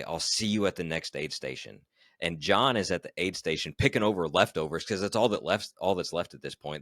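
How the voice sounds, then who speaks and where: Deep-voiced man telling a running story. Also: dry recording, clean studio sound. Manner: animated storyteller who acts out quoted dialogue. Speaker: podcast guest, ultrarunner. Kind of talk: storytelling in an interview.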